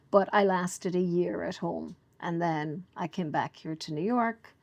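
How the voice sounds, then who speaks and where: A woman in her forties with an Irish accent, a guest telling lively stories about her past in a casual interview. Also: on the low side, moderate pace, vocal fry, few pauses, dry recording. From Ireland. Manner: chatty, animated storyteller, laughs at herself. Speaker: guest, bakery owner.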